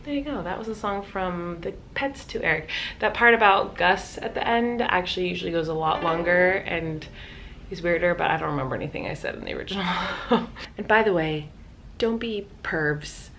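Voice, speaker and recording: A woman's voice: fairly low pitch, normal speed, vocal fry, fairly bright tone, slight background noise. Chatty young woman vlogging from home. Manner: chatty, filler-heavy with lots of "like". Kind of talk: casual vlog chat. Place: her home office.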